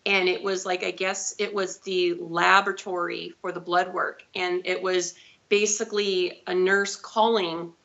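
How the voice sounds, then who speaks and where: Gravelly, bright-voiced woman in her thirties. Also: on the low side, level tone, unhurried. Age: 30s. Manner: chatty, rambling with self-corrections. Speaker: guest, diabetes advocate. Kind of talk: personal storytelling in a live interview. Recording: dull lo-fi audio.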